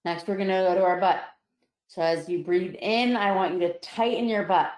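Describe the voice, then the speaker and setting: A woman psychologist guiding listeners through a relaxation exercise, calm and slow, her voice softening on each release. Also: fairly low pitch. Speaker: psychologist presenter. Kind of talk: guided relaxation instruction. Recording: roomy echo.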